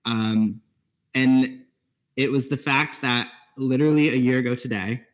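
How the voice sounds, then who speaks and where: A young man, a student senator, giving casual, lightly amused shout-outs at a meeting. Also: mid-range voice. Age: young adult.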